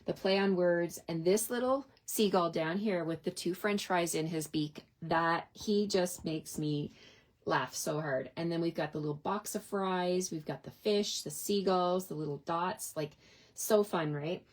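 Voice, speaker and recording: A woman's voice: fairly low pitch, a little slow. A middle-aged woman in a casual, chatty craft tutorial, talking through her stamping steps at a desk and often asking "right?". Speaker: card-making demonstrator.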